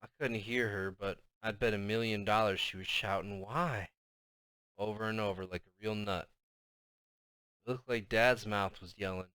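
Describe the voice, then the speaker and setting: A man narrating a novel in the first person with a bright, crisp voice in a dry, close recording. His storytelling is expressive, sinking soft and low when the tension builds. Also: no room sound. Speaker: audiobook narrator.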